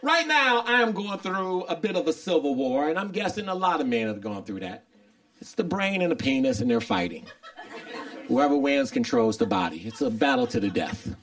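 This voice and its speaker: A man's voice: medium pitch, sing-song, moderate pace, a bit bright. A man performing a stand-up comedy routine, talking to the crowd and acting out little dialogues. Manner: conversational, acts out dialogue.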